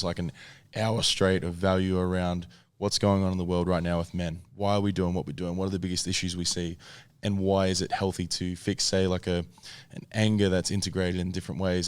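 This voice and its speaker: A man's voice: sits low, flat delivery, brisk, hardly any pauses, smooth, dry recording. A man hosting a casual podcast chat, steering the talk with long, open questions. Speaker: podcast host. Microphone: headphones and studio mic.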